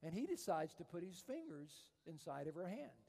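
A man's voice: fairly high pitch, very animated, moderate pace, vocal fry. Impassioned man preaching in an echoey hall. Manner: storytelling preacher, swinging from hushed to loud and emphatic. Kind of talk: sermon.

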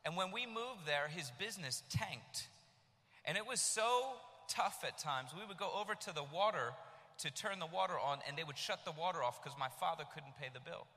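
Animated preacher man in a big hall. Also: on the high side, moderate pace. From United States. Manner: animated storytelling, shouting in bursts. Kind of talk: sermon. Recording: long reverb of a large hall.

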